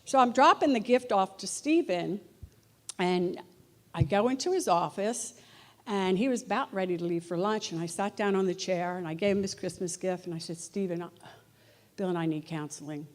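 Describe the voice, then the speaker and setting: A middle-aged woman giving a farewell tribute at a church gathering, telling a humorous story in an animated way and breaking into laughter. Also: mid-range voice, moderate pace.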